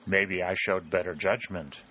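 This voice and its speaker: A man's voice: low voice, steady tone, measured pace, sharp tone, a little hiss or hum, rough recording. A man voicing a disguised man who plays a cool rural farmer with a drawling accent.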